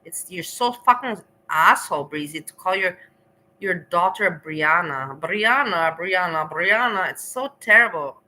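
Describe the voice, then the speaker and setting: Bright-voiced woman ranting bluntly. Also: fairly low pitch, expressive, measured pace, poor audio. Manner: blunt, scathing, profane. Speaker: reaction vlogger. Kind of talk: reaction commentary.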